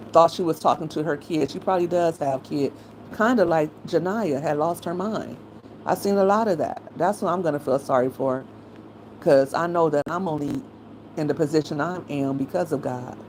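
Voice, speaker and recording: Blunt low-voiced woman giving opinion commentary. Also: a little mellow, a little hiss or hum, rough recording. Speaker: commentary channel host.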